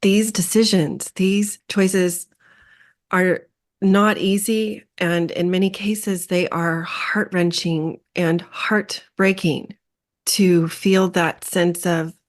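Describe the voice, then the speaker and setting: Low-voiced woman hosting an interview. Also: fairly even intonation, slow pace. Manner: gentle, affirming, searching for words. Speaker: podcast host and coach. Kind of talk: interview conversation.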